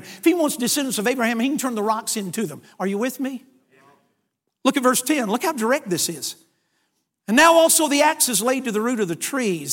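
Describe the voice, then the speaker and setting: A man with a very high speaking voice preaches with lively energy. He tells a story and acts out every part of the dialogue, then moves into scripture. He sounds middle-aged and comes from the United States. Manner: animated storyteller acting out dialogue. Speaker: evangelist preacher. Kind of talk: storytelling sermon.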